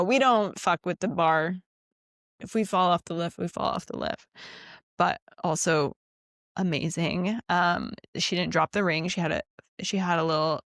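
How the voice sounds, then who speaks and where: A woman podcast host telling a personal story in a casual, animated and profane way, acting out the quotes, on a close mic. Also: medium pitch, vocal fry, no echo.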